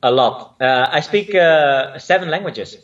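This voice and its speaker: A man's voice: fairly high pitch, animated, unhurried, a bit bright, far from the mic, lo-fi sound. A man born in Spain who speaks with a mixed Spanish and Dutch accent, a choreographer chatting as a guest, often searching for words with fillers. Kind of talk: casual interview chat.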